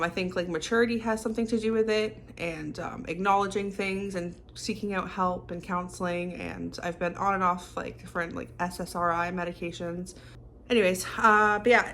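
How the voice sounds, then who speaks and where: In her home kitchen, a young woman vlogger talks casually in a confessional vlog, rambling with lots of "like," fillers and restarts. Her mid-range voice is a bit bright, with slight background noise.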